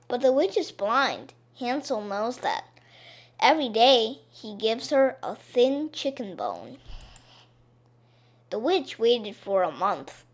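A woman narrating a children's story in a clear, expressive way, made simple for learners. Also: a little high, slow pace.

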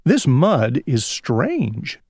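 A man voicing a small male pig who loves mud, in a high, squeaky storybook voice. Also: wildly swooping pitch, very slow, a little mellow, slightly rough, dry recording, studio quality, full character voice. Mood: uneasy.

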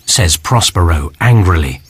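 A man narrating a graded reader story slowly and clearly. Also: deep voice, lively intonation, a bit bright, no room sound. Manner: slow and clear.

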